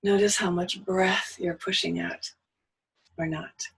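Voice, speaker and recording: A woman teaching a singing lesson, speaking gently and breaking into soft sung lullaby phrases. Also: medium pitch, steady tone, slow, husky, poor audio.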